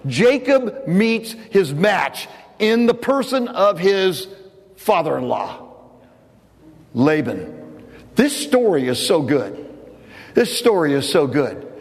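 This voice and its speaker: A man's voice: a little high, big pitch swings, takes it slowly, pauses often, husky, big-room sound. A man preaching a sermon, telling a story in a loose, conversational way with frequent restarts. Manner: casual storytelling with repeated restarts. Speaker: pastor.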